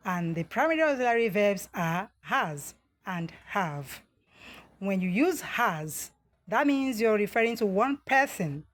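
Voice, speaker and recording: A woman from Nigeria with a Nigerian English accent, teaching a grammar lesson. She speaks slowly and deliberately, reads out model sentences and pauses often on "uh". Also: medium pitch. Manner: slow, deliberate model sentences with frequent "uh" fillers.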